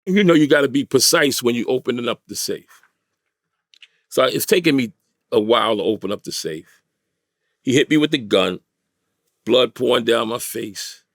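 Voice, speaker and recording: A man's voice: medium pitch, animated, moderate pace, long pauses, no room sound. A middle-aged man from New York, a guest in a studio interview, telling a vivid street-style story and acting out the voices of others.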